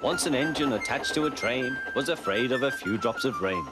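A man narrating a children's storybook tale in a gentle, lively manner. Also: mid-range voice, brisk, few pauses. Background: background music.

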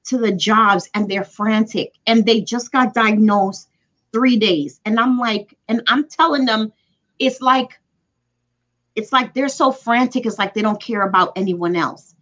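A woman's voice: on the high side, a little slow, a bit bright. A mother speaking as a guest, telling her story in an earnest, emotional way during a casual chat.

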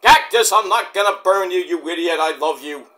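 A man voicing an exasperated older man who yells, curses and scolds a friend. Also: high-pitched, moderate pace. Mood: softening. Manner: yelling, cursing, exasperated.

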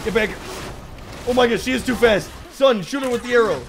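A young man giving joking, excitable let's play commentary, talking back to the game characters. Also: very high voice, a little fast. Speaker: gaming YouTuber.

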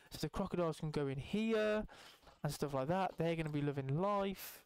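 A young man giving casual, excitable gameplay commentary as a channel host, swearing often and breaking into high yelps. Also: moderate pace, smooth, dry recording.

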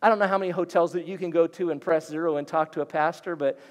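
A middle-aged man, a guest pastor, preaching an animated storytelling sermon in a church. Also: fairly high pitch, fast. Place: church sanctuary. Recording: long hall reverb.

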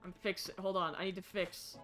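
A woman streaming a video game, muttering to herself and shouting in confused frustration. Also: mid-range voice, flat delivery, fairly quick, music in the background. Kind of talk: casual gaming stream commentary.

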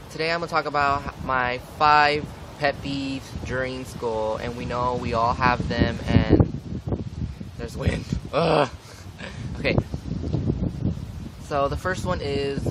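A young man ranting casually to camera for a vlog, swearing often and filling with "like". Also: medium pitch. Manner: frequent swearing, ranting, many fillers. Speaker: vlogger. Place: outdoors, windy. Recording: wind and traffic noise outdoors.

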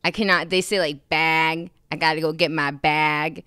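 A woman's voice: sits low, steady tone, sharp tone, clean tone, no room sound, studio quality. A young woman from the Chicago suburbs with a Chicago accent, laughing easily in a casual podcast chat. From Chicago suburbs, Illinois. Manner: giggly, quick to laugh. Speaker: podcast co-host.

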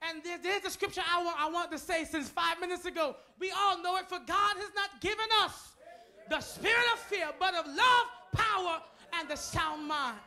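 Preacher, male, very high and bright voice, shouted impassioned sermon in a church, soft music underneath. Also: moderate pace. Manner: shouting, repeated declarations.

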